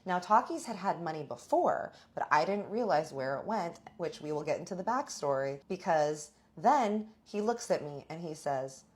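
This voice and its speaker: A woman's voice: on the low side, moderate pace, few pauses. A woman chatting through a personal story in a casual storytime vlog, acting out what people said. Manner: chatty, animated retelling with quoted voices.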